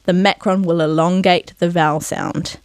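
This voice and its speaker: A woman presenting a televised pronunciation lesson, sounding out vowels slowly and carefully and checking in with her viewers. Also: on the low side, fairly even intonation, smooth, no room sound. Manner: encouraging, asks "yeah?" to check in. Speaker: Māori language presenter.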